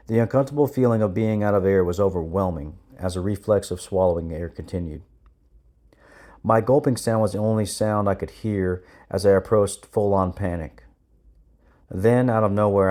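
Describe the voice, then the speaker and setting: Low-voiced man narrating a memoir. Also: dark tone. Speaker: narrator of his own military training memoir.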